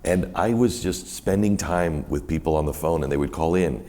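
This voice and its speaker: A middle-aged man telling animated, rambling stories in a live onstage conversation at a university event, quoting other people as he goes. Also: very deep voice, moderate pace, a little hiss or hum. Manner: animated, rambling storyteller who quotes others in many voices. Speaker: guest.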